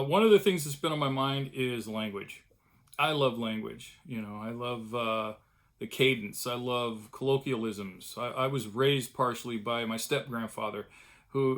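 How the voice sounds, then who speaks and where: A man's voice: mid-range voice, fairly bright tone. A middle-aged man talking casually and at length in a home vlog, chatty and self-deprecating. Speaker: vlogger, cartoonist. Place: home studio room.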